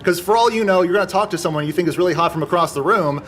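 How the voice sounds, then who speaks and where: High-voiced man giving dating tips. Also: racing, a bit bright, slight background noise. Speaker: convention panelist. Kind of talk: casual panel talk. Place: convention panel room.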